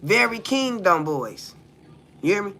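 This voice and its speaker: A woman's voice: medium pitch, big pitch swings, a little slow, vocal fry, fairly bright tone. A woman from the United States hosting a livestream, talking bluntly and profanely and throwing rhetorical questions at her viewers. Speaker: livestream host. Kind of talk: casual livestream talk.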